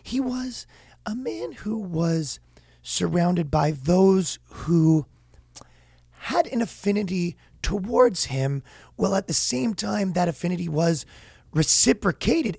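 A man playing a soft-spoken, pedantic male university professor who talks slowly in wordy, half-whispered phrases. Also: high voice, expressive, gravelly, husky, dry recording, studio quality, voice pushed up, exaggerated voice. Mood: hushed pedantic.

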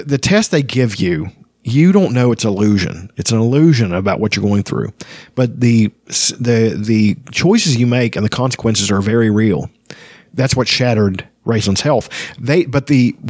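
A man with a medium-pitched, darkish voice hosts a podcast about a fantasy novel, animated and at a moderate pace. It's casual chat and reading aloud, rambling with frequent restarts, captured in a dry, studio-quality recording.

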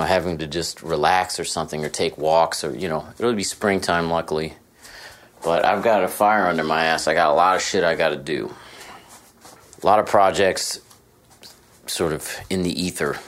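Deep-voiced man rambling casually. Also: fairly bright tone. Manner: rambling, self-deprecating, profane. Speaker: podcast host. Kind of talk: casual monologue. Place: hotel room.

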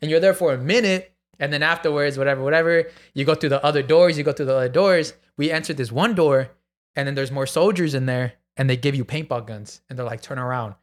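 A man's voice: fairly high pitch, quick pace. A man in a casual chat, telling a wild story with gasps, acted-out quotes and plenty of swearing.

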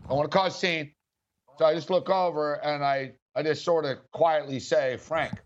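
An excitable male sports radio host, his voice sitting fairly high. He tells stories with animated bursts. The audio is dull and lo-fi. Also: moderate pace. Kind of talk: casual storytelling chat.

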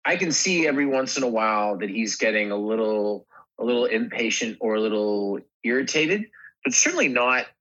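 A man, an actor, chatting in an interview, halting and restarting his sentences often. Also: medium pitch, very animated, a bit bright, lo-fi sound. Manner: halting, many restarts and fillers. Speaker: actor guest. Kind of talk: casual interview chat.

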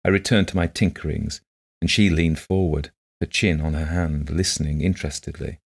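A man narrating a classic short story in a measured, literary way. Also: rumbling low, fairly even intonation, gravelly, breathy edge.

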